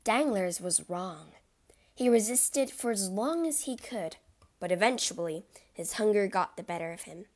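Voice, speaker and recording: A woman reading a classic adventure story aloud as narrator, with a dramatic delivery. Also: mid-range voice.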